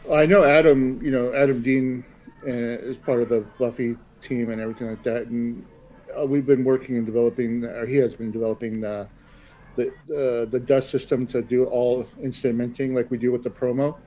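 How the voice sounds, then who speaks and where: A man's voice: medium pitch, level tone, moderate pace, warm tone, slight background noise, low-quality recording. A man hosting a casual podcast, talking in an easygoing, rambling way full of fillers as he hands out advice. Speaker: podcast host.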